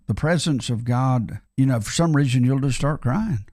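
A man's voice: medium pitch, moderate pace, a little mellow, dry recording, clean studio sound. A man co-hosting a faith podcast, talking earnestly in a preacherly way and circling back to repeat his key phrases. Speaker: podcast co-host. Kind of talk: casual faith discussion.

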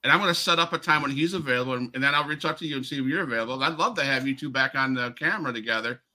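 A man's voice: medium pitch, rapid-fire, sharp tone. A man hosting a wrestling podcast, asking long rambling questions and stirring up rivalries. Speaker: podcast host. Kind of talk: podcast interview.

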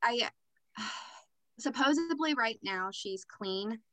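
A woman's voice: fairly high pitch, expressive, slow pace, fairly bright tone, poor audio. A young adult woman telling a personal story as a podcast guest, candid and matter-of-fact. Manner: candid, matter-of-fact recounting with filler words.

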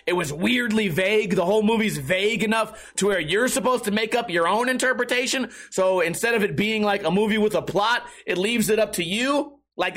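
A middle-aged man ranting on his podcast in a casual, profane, sarcastic way. His voice sits fairly high and sounds bright and forceful. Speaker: podcast host.

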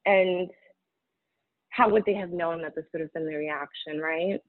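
A woman speaking candidly in an interview, halting and emotional, close to tears at times. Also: fairly low pitch, steady tone, no room sound. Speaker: guest sharing a personal story. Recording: tinny phone-like audio.

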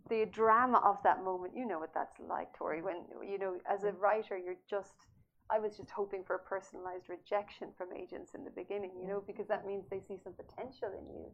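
A woman's voice: mid-range voice, steady tone, brisk. A woman author as an interview guest, telling her story animatedly and laughing often. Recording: slightly dull audio with faint noise.

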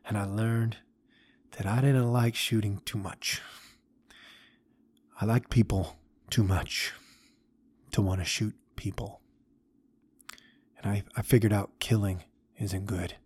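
A man voicing a gentle old man who recounts his heartbreaks in a soft, halting, reflective way. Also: lowish voice, fairly even intonation, slightly rough.

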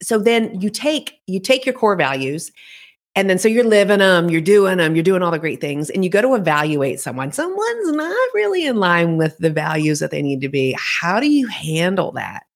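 Low-voiced woman hosting a podcast. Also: very animated, normal speed. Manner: encouraging, curious questioning. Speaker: podcast host. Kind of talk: podcast interview.

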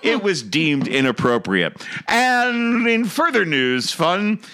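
A man's voice: high-pitched, very animated, takes it slowly, bright, forceful tone. A man hosting a comedic political show, mocking the news and laughing often. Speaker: host.

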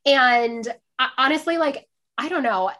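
A woman's voice: high voice, a little slow. Chatty young woman telling a story. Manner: animated, acts out quotes, laughs often, says "like" a lot. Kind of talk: casual chat, storytelling.

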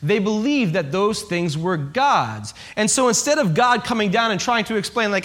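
A man's voice: high-pitched, expressive, normal speed, hardly any pauses, a bit bright. A man preaching a sermon, telling stories in a humorous, conversational way and checking in with his listeners. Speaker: pastor.

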